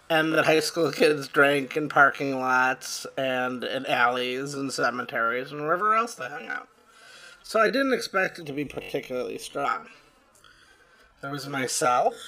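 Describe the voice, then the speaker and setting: A man's voice: a little high, pushed and bright. A middle-aged man reading a first-person story aloud in a plain-spoken way, with small fillers and restarts. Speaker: story reader.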